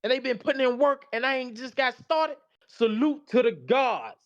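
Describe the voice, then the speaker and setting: A man's voice: very high-pitched, expressive, normal speed, highs cut off. A tired man giving a casual, slangy presentation, reading slides aloud and reacting to them. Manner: loose, slangy, talks back to the slides.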